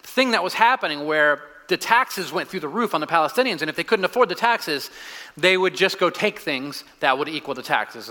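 Man preaching in an echoing hall. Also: high voice. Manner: conversational, with frequent restarts and fillers, dropping soft for quotes. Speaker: pastor. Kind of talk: sermon. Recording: long hall reverb.

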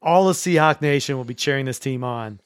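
Man, school sports show host, casual recap, stop-start phrasing, mid pitch, dry close sound. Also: brisk, smooth, no echo. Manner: relaxed, with frequent restarts and repeated words.

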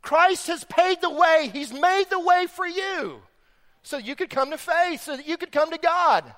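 A man preaching a sermon as pastor, impassioned and swinging from hushed lows to loud, emphatic peaks. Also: measured pace. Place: large church sanctuary. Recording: long hall reverb.

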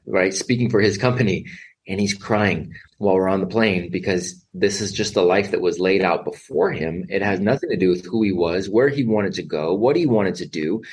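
A middle-aged man telling stories in conversation, emphatic and animated, acting out quoted voices. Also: low voice, moderate pace, slightly rough. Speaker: podcast guest, educator. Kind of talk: conversational storytelling.

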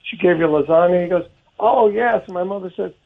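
A man tells a chatty anecdote over a thin, phone-like line. His voice is gravelly and sits a bit high. He quotes everyone in the story as he goes. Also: quick pace. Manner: chatty storyteller, animated quoting. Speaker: guest drummer telling a story. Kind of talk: archival radio interview anecdote. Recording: tinny phone-line radio audio.

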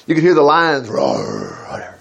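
A man's voice: mid-range voice, wildly swooping pitch, moderate pace, gravelly, fairly bright tone, breathy edge. An older man teaching from the Bible in a conversational way, reading verses aloud and breaking into emphatic bursts. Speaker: preacher.

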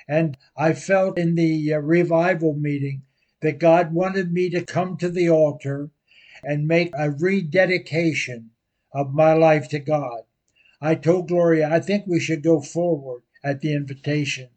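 An older man preaching a sermon, telling a personal story slowly and earnestly. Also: a little high, darkish tone. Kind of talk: sermon testimony.

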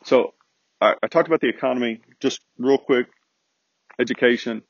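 A man's voice: mid-range voice, normal speed, no room sound, highs cut off. A man hosting a podcast, delivering an earnest, preachy monologue to listeners he calls folks. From United States. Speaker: podcast host. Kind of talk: conservative opinion podcast monologue.

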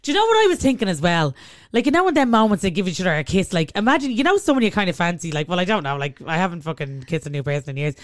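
A young Irish woman in sweary, animated podcast chat. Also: on the low side, racing, dry recording, clean studio sound. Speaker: podcast co-host. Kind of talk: casual chat.

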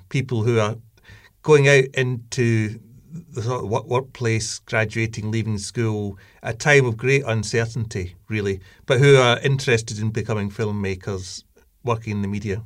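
Man hosting a podcast, measured. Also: fairly low pitch. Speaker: podcast host. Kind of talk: podcast interview.

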